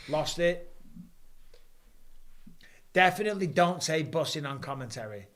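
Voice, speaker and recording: A man, hosting a live fight watch-along and calling the action with rising excitement. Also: fairly high pitch, measured pace, long pauses. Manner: excitable, rising for big moments. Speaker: host. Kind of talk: live fight commentary and chat.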